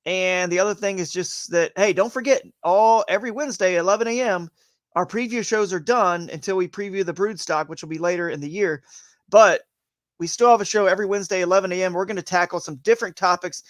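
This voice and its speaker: A man's voice: sits high, fast talker, no echo. A man co-hosting a live fishing show, chatting casually and rambling with frequent restarts. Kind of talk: casual live-stream chat.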